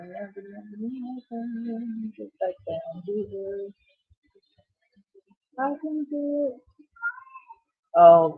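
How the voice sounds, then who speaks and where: Slow, chatty woman livestream host. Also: lowish voice. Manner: chatty, exclaiming, warm fussing over viewers. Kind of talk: casual livestream chat reading viewer comments aloud. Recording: thin phone-like sound.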